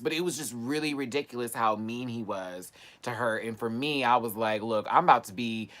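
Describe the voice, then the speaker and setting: A man in the middle of his range chats to his live viewers and launches into stories. He talks with sass and animation, full of playful slang. The delivery stays casual and lively throughout. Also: medium pitch, normal speed. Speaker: livestream host. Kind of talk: casual livestream chat and storytelling. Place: at home, live stream.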